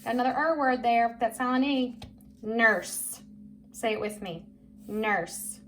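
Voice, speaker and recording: Slow, patient woman teaching phonics. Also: on the high side, a bit bright, soft background music. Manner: slow, patient, encouraging, drawing out each word. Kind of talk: phonics lesson for young children. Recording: faint background noise.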